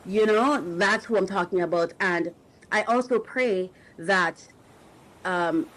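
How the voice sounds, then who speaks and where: The audio is poor as this middle-aged woman, a podcast host and coach, offers a reflective spiritual talk about faith. Speaking slowly at a medium pitch with a slightly bright quality, she sounds emotional and searching, restarting often as she gropes for words.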